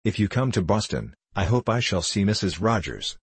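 A man reading the lines of an anxious, reproachful wife in his own low voice. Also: very animated, normal speed, husky, no echo, heavily acted. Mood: polite. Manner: pleading, tearful.

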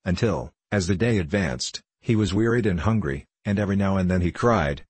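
A man narrating a storybook in a steady, measured reading. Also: low-pitched, breathy edge, dry recording.

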